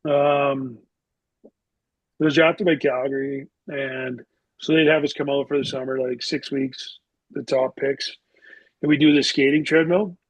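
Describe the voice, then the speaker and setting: A man's voice: medium pitch, steady tone, unhurried, no room sound, poor audio. A middle-aged man from Canada, a retired hockey player, telling rambling stories as a podcast guest, full of "like" and restarts. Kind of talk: casual storytelling interview.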